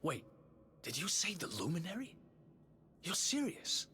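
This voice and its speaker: A wry young prisoner. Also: male voice, on the high side, wildly swooping pitch, measured pace, sharp tone, husky, full character voice.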